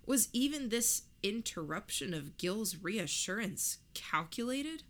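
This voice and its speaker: A woman reading a first-person story aloud in a measured, reflective way. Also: medium pitch, lively intonation. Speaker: narrator. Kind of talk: first-person audiobook narration.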